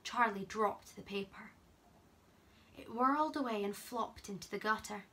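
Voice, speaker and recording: Bright young woman reading a storybook. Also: medium pitch, a little slow. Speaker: camp counselor reading aloud.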